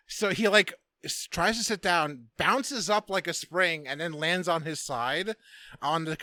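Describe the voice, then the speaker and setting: A man's voice: on the high side, bright, forceful tone, dry recording. A man hosting a podcast, recapping a movie in casual, rambling chat full of "like" and swearing. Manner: rambling, profane, lots of "like". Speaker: podcast host.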